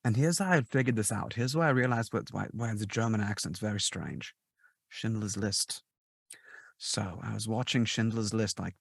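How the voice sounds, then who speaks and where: A man talking as a guest in a casual podcast interview, chatty and verbose, telling stories in an animated way. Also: fairly low pitch, gravelly, breathy edge, no room sound, clean studio sound. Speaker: guest, ASMR artist and actor.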